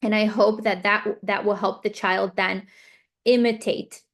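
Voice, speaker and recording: A woman's voice: medium pitch, steady tone, measured pace, fairly bright tone. A woman speech therapist giving a parent training talk over a video call, explaining with example scenarios and frequent fillers.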